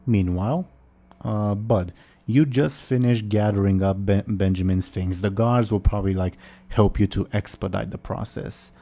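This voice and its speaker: A man narrating as game master in a tabletop role-play game, relaxed and full of fillers. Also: lowish voice, moderate pace.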